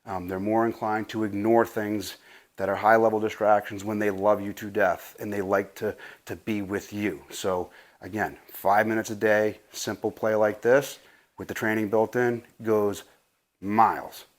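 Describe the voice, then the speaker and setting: With a lowish voice, level tone and measured pace, a man instructs dogs casually in his home garage. He's out of breath from play, talks loosely with some profanity, and leans on "right?" often.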